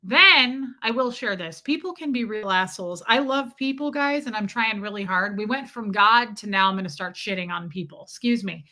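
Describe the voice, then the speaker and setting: A woman's voice: mid-range voice, animated, normal speed, hardly any pauses, bright, forceful tone. A woman from the Midwest telling a story on a live stream in a candid, profane way and stopping to greet viewers in the chat. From American Midwest.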